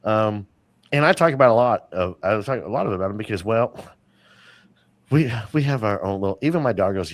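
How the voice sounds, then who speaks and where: A man with a lowish voice chats as a podcast guest, drifting from one story to the next with plenty of fillers and restarts. The sound is dry and close. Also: expressive, a little fast, no room sound. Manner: rambling storyteller, many fillers. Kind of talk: casual interview chat.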